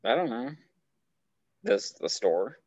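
A man's voice: mid-range voice, big pitch swings, takes it slowly, darkish tone, no room sound. A man co-hosting a casual podcast, joking loosely and sounding a little tipsy after a day of drinking. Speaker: podcast co-host. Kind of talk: casual chat. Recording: dull, dry lo-fi sound.

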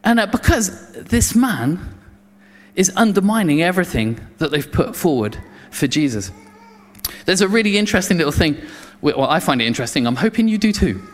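Preacher in an echoing hall. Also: male voice, a little high, fairly quick. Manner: animated storytelling with many restarts, acting out crowd voices. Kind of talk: sermon. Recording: long reverb of a hall.

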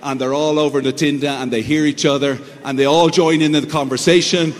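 A man preaching a sermon as pastor, telling stories in an animated way with sound effects and imitations. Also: on the high side, fairly quick, long reverb tail, slight background noise.

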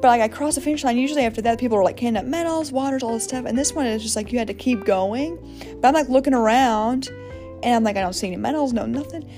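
A young woman talks very quickly in a slightly high voice, rambling through her story with plenty of fillers and acting out her own quotes. It is a casual solo podcast with faint music underneath. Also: mellow. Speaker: podcast host.

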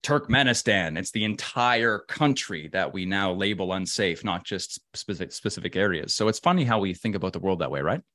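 A man's voice: sits low, expressive, brisk, hardly any pauses, a bit bright, no room sound, clean studio sound. A man being interviewed about travel and facing fear, speaking emphatically and often repeating words as he works through a thought. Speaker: travel adventurer and guest. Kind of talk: casual interview talk.

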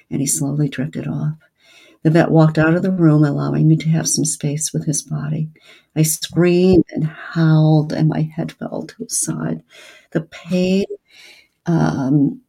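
A woman podcast co-host, a family therapist, reading a listener's letter aloud in a slow, gentle and earnest way, then chatting with her co-host. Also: sits low, husky.

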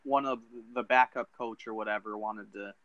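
A man in casual gaming chat, measured and hesitant with frequent ums. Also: lowish voice, steady tone, no echo, muffled recording.

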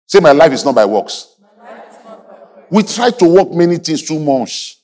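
A man's voice: on the high side, very animated, a little slow, a little mellow. A male pastor preaching a sermon, leading the congregation in call-and-response and mimicking church members for effect.

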